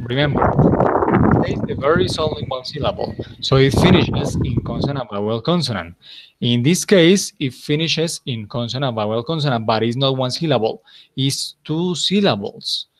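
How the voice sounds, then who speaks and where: A man with a Colombian accent teaching an English class, patient and encouraging, correcting students slowly. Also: medium pitch, animated, slight background noise.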